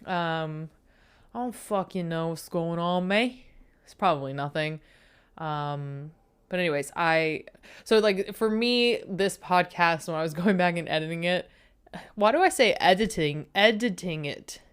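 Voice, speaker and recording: A woman hosting her podcast, chatty and self-deprecating, swearing freely and a bit low on energy. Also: measured pace, smooth. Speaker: podcast host. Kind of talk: casual solo podcast intro.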